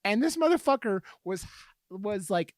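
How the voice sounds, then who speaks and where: A man hosting a podcast in casual chat, swearing often and rambling with animated outbursts. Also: high-pitched, normal speed, no echo. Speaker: podcast host.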